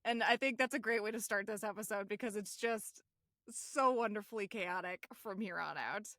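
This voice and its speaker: A woman's voice: medium pitch, normal speed, a bit bright, dry recording, studio quality. A woman co-hosting a podcast in casual chat, chatty and laughing often. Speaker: podcast co-host.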